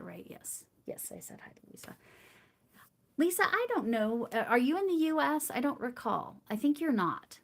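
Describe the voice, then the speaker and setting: A middle-aged woman hosting a crochet livestream, chatting casually with viewers in a rambling way, with frequent laughs and restarts. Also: lowish voice. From United States. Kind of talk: casual chat with live chat viewers.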